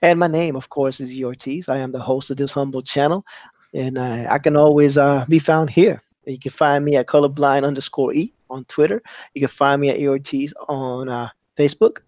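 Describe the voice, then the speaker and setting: A man hosting a casual livestream panel, relaxed and encouraging, often tagging "man" onto his sentences. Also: mid-range voice, brisk, no echo, dull audio. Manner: laid-back, encouraging, says "man" a lot. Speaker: host.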